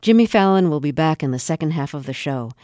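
A woman hosting a radio interview, giving measured, clear introductions and questions. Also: deep voice, lively intonation, mellow, no echo, clean studio sound.

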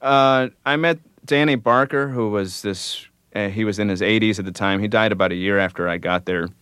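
A man with a very low, smooth and resonant voice talks through his answers in a radio studio. He muses without hurry and drifts through plenty of "uh"s and "um"s. The sound is close and dry, with no room around it. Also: a bit bright, no echo. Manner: thoughtful, unhurried, with frequent fillers. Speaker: musician guest. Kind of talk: relaxed radio interview answers.

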